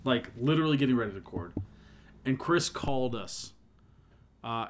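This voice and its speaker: Playful young man, lively voice. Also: moderate pace, pauses often, slight background noise. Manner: playful, slips into a booming over-the-top announcer voice. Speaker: podcast co-host. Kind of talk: casual chat with goofy announcer bits.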